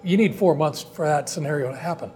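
A man with a slightly raised pitch, talking as a guest about his company's early days. He rambles through long anecdotes, stopping and restarting phrases as he goes. The tone stays casual and conversational. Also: quick pace, warm tone.

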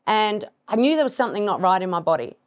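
A middle-aged woman tells a personal story as a podcast host. Her voice sits at a middling pitch, and she keeps the telling lively, laughing and acting out her own reactions as she goes. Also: fast talker. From Australia.

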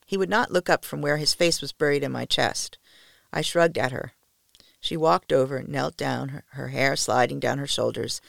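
A woman podcast storyteller reading a first-person story in a soft, intimate manner, often near a whisper, with a gravelly voice. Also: rumbling low, normal speed, no echo, studio quality.

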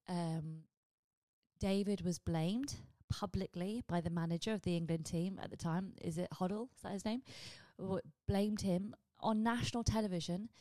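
A woman hosting her own vlog, chatting casually and rambling with quick asides to her viewers. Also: fairly low pitch, mellow, no room sound. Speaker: vlog host. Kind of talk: casual chat.

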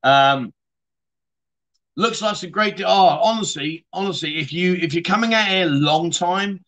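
A middle-aged man with a high, fairly bright voice speaks at a measured pace. He hosts a casual livestream chat show, reading viewer comments and wandering off into stories full of matey banter, a chatty, rambling storyteller.

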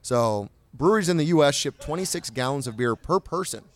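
A man hosting a casual beer podcast, rattling off statistics with fillers and quick laughs. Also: on the high side, animated. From California. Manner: reads stats with fillers and laughs. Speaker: podcast host. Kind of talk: casual chat.

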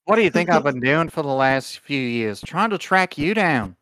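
A man's voice: fairly high pitch, lively intonation, normal speed, fairly bright tone, a little hiss or hum, pitched above the performer's own voice. A man voicing a wounded old parakeet father. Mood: pleading. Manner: pleading, wounded. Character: aging male parakeet father, guilt-ridden.

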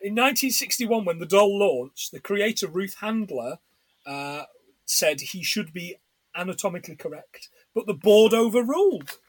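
English man, podcast co-host, casual chat, laughs a lot, high-pitched voice. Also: expressive, normal speed, husky, no room sound. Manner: laughs often, retells scenes.

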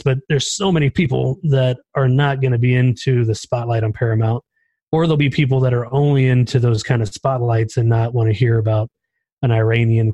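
A man from Texas, a guest podcaster, talking in a relaxed, thoughtful way about his show and asking for advice. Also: medium pitch, no room sound. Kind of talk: casual chat.

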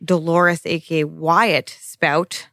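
A young woman co-hosting a podcast, rambling excitedly and swearing as she talks about a TV episode. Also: low voice, slow, no echo, clean studio sound. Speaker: podcast co-host. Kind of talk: casual podcast chat recapping a TV episode.

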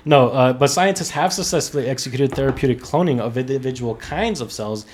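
Podcast host guy reading an article out loud, casual and swearing, keeps restarting words. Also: mid-range voice, fairly quick, a little hiss or hum. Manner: loose, laughing, profane, restarts while reading.

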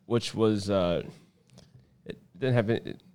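A man's voice: lowish voice, slow, a little mellow, clear, resonant tone. A man co-hosting a casual podcast, joking and cutting in on his partner. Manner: joking, interjecting. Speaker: podcast co-host, business owner.

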